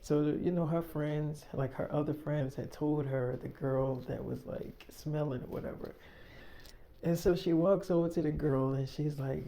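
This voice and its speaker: A man's voice: a little high, steady tone, measured pace, vocal fry, warm tone. A young man telling a story casually, rambling with lots of fillers and swearing.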